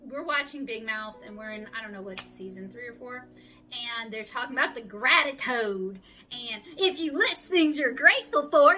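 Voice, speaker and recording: A woman's voice: high-pitched, sharp tone, distant mic. Candid Southern woman vlogging from afar. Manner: candid, rambling, self-reflective. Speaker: artist vlogger. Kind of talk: casual talk to camera.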